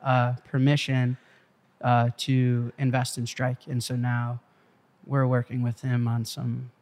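A young man, a startup founder being interviewed, telling a story in an animated way and swearing freely. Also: mid-range voice, slow pace. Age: young adult. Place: studio in Malibu.

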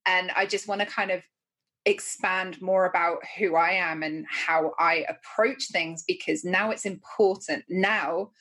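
A woman podcast host, reflective and agreeable in casual conversation. Her voice sits somewhat low for a woman. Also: fairly even intonation, a little slow, a bit bright.

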